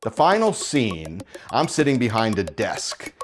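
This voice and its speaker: A man in his sixties telling stories in a casual interview, now and then bursting into rapid-fire tongue-twisters. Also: on the low side, wildly swooping pitch. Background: background music.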